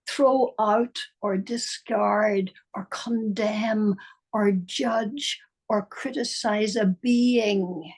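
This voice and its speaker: An older woman giving a slow, musing spiritual talk, dropping at times into soft whispers. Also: mid-range voice. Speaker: spiritual teacher. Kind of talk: reflective spoken talk.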